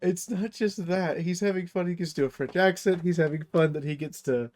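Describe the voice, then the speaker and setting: A man's voice: high voice, fairly quick, a little mellow. A man on a casual podcast, talking enthusiastically about a book and swearing casually.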